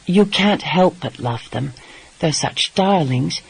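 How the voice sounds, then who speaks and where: A man doing a stubborn young American wife, husky, defensive, hedging, storybook romance. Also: a little high, animated, slow pace, heavily acted, poor audio.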